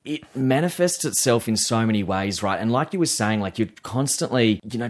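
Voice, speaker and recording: A man with an Australian accent hosting a radio interview, asking questions in a conversational, empathetic way. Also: low-pitched. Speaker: radio host.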